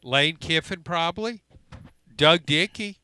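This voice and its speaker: A man on sports talk radio making quick, firm points. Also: on the high side, pushed and bright, clear, resonant tone.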